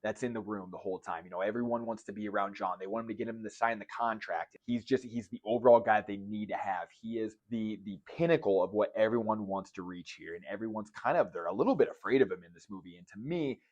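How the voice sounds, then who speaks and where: Lower-voiced man in casual profane review. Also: fast talker, hardly any pauses, darkish tone. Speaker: movie reviewer. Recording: dull lo-fi recording.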